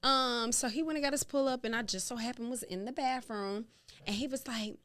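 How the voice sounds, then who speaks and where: A middle-aged woman from Louisiana, a podcast guest, telling family stories in a laughing, exclamatory, animated way. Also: sits high, a little fast. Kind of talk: casual storytelling chat.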